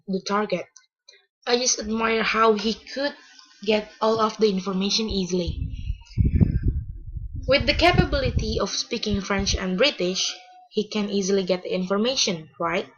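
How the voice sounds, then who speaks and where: A woman giving a casual spoken book review, halting and searching for words with many restarts, on a dull lo-fi recording. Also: medium pitch, breathy edge.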